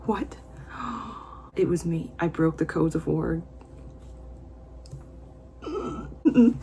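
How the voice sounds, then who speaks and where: A woman's voice: deep voice, slow, gravelly, warm tone, slight background noise. A young woman vlogging her reactions while reading, talking in an emotional, gushing and exclamatory way. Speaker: book vlogger. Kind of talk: reading vlog commentary.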